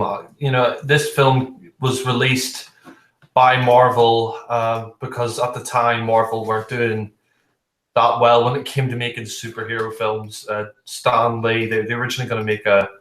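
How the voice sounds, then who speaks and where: A man's voice: medium pitch, level tone, unhurried, fairly bright tone. A man gives a casual film review in a mid-range voice, rambling along with constant fillers and blunt, profane put-downs. His voice rings with the echo of a roomy space.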